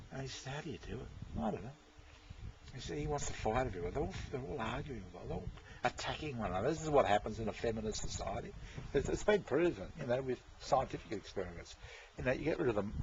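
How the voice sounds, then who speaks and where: A man in a casual, rambling monologue to his viewers, who repeats himself and swears. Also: medium pitch. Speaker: vlogger talking to viewers. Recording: dull lo-fi with faint noise.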